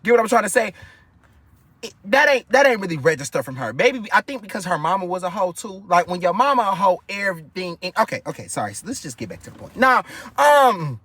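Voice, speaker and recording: Young guy w/ aave doing a storytime vlog, gossipy, cussing a lot, bright edgy voice, dry close mic. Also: a little fast, no echo. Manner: animated, profane, gossipy, with sudden high-pitched outbursts. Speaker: storyteller vlogger. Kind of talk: casual storytime monologue.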